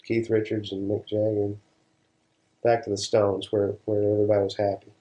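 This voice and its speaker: The recording is muffled, carrying a man's fairly low, dark voice delivered flatly at normal speed. He's a session guitarist being interviewed, telling wandering stories in an easygoing way and often restarting sentences.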